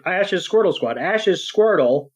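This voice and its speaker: Man, podcast co-host, casual recap, rambling, slightly high voice. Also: slow pace, husky. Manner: rambling, many fillers and restarts, animated retelling.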